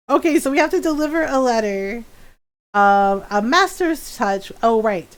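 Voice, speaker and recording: A woman's voice: sits high, expressive, normal speed. A woman livestreaming a game and chatting casually, talking in a giggly way with many fillers. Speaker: livestream gamer. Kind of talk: casual chat while gaming.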